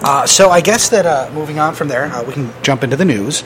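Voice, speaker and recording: A man's voice: medium pitch, lively intonation, brisk, a bit bright, slight background noise. A man hosting a casual podcast, running through entertainment news in a loose, joking way with lots of fillers. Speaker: podcast host.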